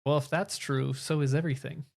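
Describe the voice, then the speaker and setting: A man's voice: a little high, steady tone, brisk, creaky. A man co-hosting a podcast, thoughtfully explaining ideas in casual conversation. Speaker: podcast co-host.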